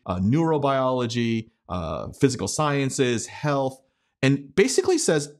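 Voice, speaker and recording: A man with a mid-range voice co-hosts a casual tech podcast. He explains ideas in an animated way and uses a lot of fillers. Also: medium pitch. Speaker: podcast co-host.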